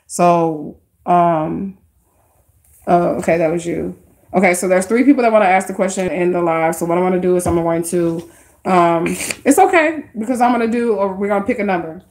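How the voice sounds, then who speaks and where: A woman's voice: fairly low pitch, moderate pace, darkish tone. A woman giving casual tarot readings on a live stream, speaking straight to her viewers in a chatty, slangy way. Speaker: livestream tarot card reader.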